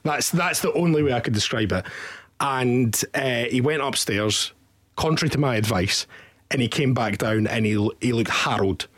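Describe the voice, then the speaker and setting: A young Scottish man co-hosting a football podcast, telling stories in a lively, animated way. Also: medium pitch, husky. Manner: animated storyteller with lively quoted voices. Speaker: podcast co-host. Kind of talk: casual podcast chat, storytelling.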